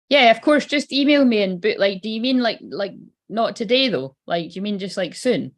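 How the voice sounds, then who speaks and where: A woman's voice: medium pitch, big pitch swings, normal speed. A Scottish woman giving a casual live tarot reading, chatty and swearing freely. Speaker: psychic tarot reader.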